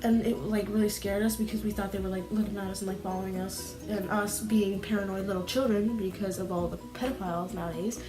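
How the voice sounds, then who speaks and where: A woman's voice: medium pitch, fairly even intonation, fast, few pauses, over music. A woman telling a story casually in a vlog, rambling and full of "like" fillers, restless as she talks. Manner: rambling, heavy use of "like" fillers; restless, fidgety while telling. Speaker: vlogger.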